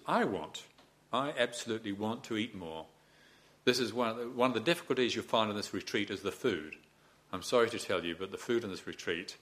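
Low-voiced man giving a humorous dharma talk. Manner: gently humorous, acts out inner voices. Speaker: meditation teacher.

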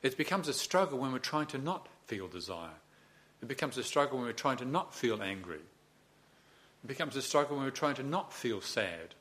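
A man teaching meditation at a retreat, giving a dharma talk with gentle humor and acted-out inner voices. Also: medium pitch.

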